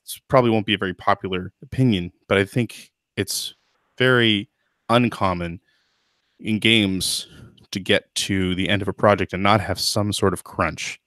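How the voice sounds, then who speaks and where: A man's voice: lowish voice, steady tone, moderate pace, fairly bright tone, no echo, studio quality. A man hosting a podcast in casual chat, thoughtful and hedging, with lots of fillers and restarts. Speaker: podcast host.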